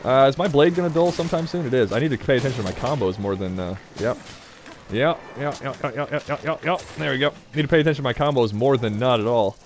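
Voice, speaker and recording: Man, let's play commentary, mid-pitched voice, joking, rambling, chuckles a lot, talks back to the game. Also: animated, very fast, few pauses, slight background noise. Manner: jokey, rambling, talks to the game, laughs often. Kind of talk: gameplay commentary.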